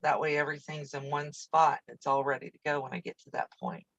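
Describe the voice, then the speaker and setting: A woman's voice: low voice, steady tone, fairly quick, gravelly, fairly bright tone, no echo, lo-fi sound. A woman hosting a casual live quilting stream from her home sewing room, chatting in a rambling way with easy asides while she works, picked up by a camera on a video-call setup. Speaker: quilting channel host.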